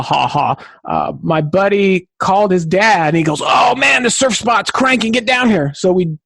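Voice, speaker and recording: A man from Southern California, a podcast guest who tells stories in an excitable, high-energy way. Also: dry recording. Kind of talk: enthusiastic podcast conversation.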